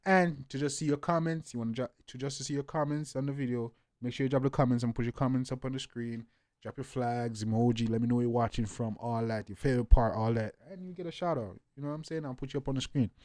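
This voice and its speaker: A man's voice: mid-range voice, quick pace, darkish tone, no room sound, studio quality. A man from Jamaica hosting a music reaction channel, talking in a loose, hyped way that leans on "yeah, man" between thoughts. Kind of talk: casual reaction commentary.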